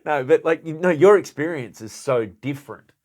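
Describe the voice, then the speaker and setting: A man's voice: on the high side, expressive, moderate pace, darkish tone. A man hosting a casual podcast, talking in a loose, rambling way with frequent restarts. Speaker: podcast host. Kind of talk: casual chat.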